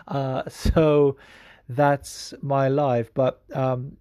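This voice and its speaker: A man with a steady, mellow, mid-range voice hosts a podcast at a measured pace, captured in a dry, clean studio recording. He chats casually and rambles, using many fillers and swearing freely.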